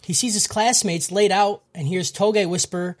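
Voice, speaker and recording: A man's voice: sits high, steady tone, normal speed. A man hosting a podcast, casually recapping an anime plot with profane jokes and a lot of "dude.".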